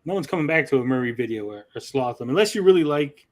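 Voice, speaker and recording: A man's voice: medium pitch, expressive, fast talker. A man hosting a gaming livestream, talking bluntly in casual chat and swearing freely.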